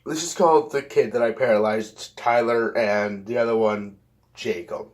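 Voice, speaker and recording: A man's voice: mid-range voice, fairly even intonation, a little slow. A young man casually telling a rambling story, swearing often and correcting himself mid-sentence. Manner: profane, rambling, self-correcting.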